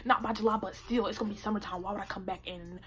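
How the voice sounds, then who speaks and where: A teenage woman telling a story to her camera, animated and profane, acting out what people said. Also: mid-range voice, fast. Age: late teens. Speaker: vlogger. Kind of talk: casual storytime vlog. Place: indoor room by natural light.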